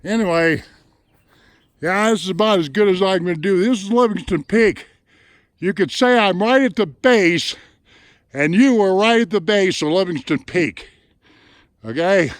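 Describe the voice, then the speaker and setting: Somewhat out of breath, a middle-aged hiking vlogger chats plainly and folksily as he films a mountain trail on a handheld camera mic. His high, animated voice is unhurried with long pauses, yet the sound is studio quality with no room sound.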